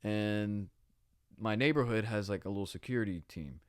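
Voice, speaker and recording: A man's voice: fairly low pitch, moderate pace, clean tone, no echo. A man guesting on a podcast, telling a story in a casual, slangy, laid-back way in a studio.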